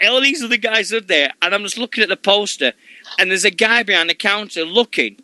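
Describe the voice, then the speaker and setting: A Sheffield man co-hosts a radio chat show, full of swearing and eager storytelling. His voice is fairly high and very bright, recorded close and dry. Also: brisk, dry recording, low-quality recording. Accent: Sheffield English. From Sheffield, England. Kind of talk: casual chat.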